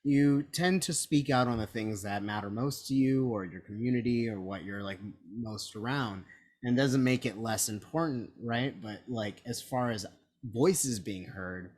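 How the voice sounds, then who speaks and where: A young man co-hosting a casual film chat, animated and swearing freely as he acts out reactions. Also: mid-range voice, unhurried. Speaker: podcast co-host.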